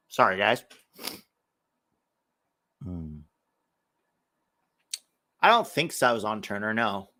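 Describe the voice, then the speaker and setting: A man's voice: fairly low pitch, wildly swooping pitch, very slow, long pauses, pushed and bright. An American man hosting a live football watch-along, chatting casually with viewers and exclaiming at every chance. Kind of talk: live casual match commentary and chat.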